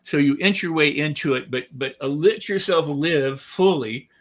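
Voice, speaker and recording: A middle-aged man, a guest author and speaker, talking animatedly in a casual podcast and acting out quoted voices. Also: moderate pace. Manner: animated, acts out quoted voices with big pitch swings.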